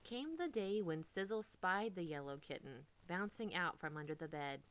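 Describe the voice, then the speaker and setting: A woman reading a children's storybook aloud, expressive and dipping into whispers for drama. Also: fairly low pitch, moderate pace.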